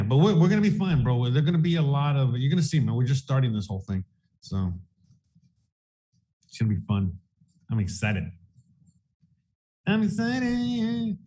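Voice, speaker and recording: A man's voice: medium pitch, mellow. A man co-hosting a casual crypto livestream, rambling and swearing, full of "you know what I mean.".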